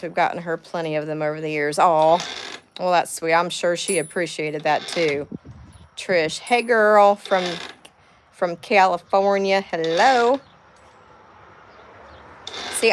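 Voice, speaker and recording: A woman's voice: on the low side, slight background noise. Nervous Southern woman chatting on a livestream. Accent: Southern US drawl. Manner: chatty, nervous, thanks viewers warmly by name. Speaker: livestream host. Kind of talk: casual livestream chat reading comments. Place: home, near a window with birds outside.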